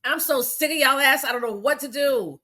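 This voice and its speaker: A woman's voice: sits high, fairly quick, pushed and bright. A woman delivering an angry, profane rant on a livestream, firing off rhetorical questions. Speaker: commentator. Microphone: phone.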